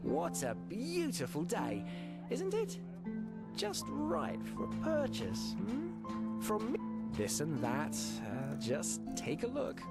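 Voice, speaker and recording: A cheerful merchant drags out every word in a swooping, sing-song sales pitch. Loud game music plays underneath the dialogue. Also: huge pitch swings, slow, full character voice. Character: cheerful, drawling merchant hawking wares. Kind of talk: video game voice acting.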